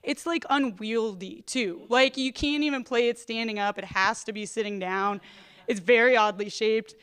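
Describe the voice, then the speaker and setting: A woman's voice: fairly high pitch, moderate pace, a bit bright, smooth. A woman in her thirties performing a rambling, self-deprecating stand-up comedy set on stage. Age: 30s.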